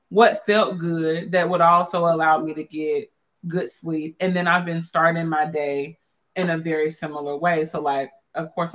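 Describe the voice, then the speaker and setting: A woman's voice: low voice, fairly bright tone, highs cut off. A woman hosting a casual chat, blunt and playful, with lots of salty slang. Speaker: podcast host and wellness coach.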